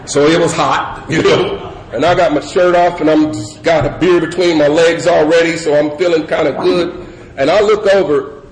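A man's voice: steady tone, normal speed. Rambling male storyteller in echoey hall. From California. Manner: loose rambling storyteller, many fillers, breaks into high laughing voice. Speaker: speaker sharing recovery story. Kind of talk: storytelling talk to a crowd. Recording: echoey room with crowd noise.

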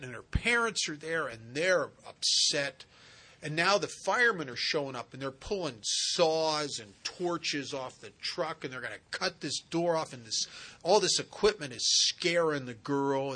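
A man giving a spiritual recovery talk, telling stories and acting out the dialogue in an animated way. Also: fairly high pitch, husky.

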